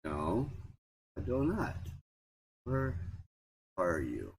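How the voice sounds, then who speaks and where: A man's voice: low-pitched, huge pitch swings, very slow, creaky, slightly rough. A man hosting a casual livestream, rambling, repeating himself and trailing off as he talks. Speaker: livestream host.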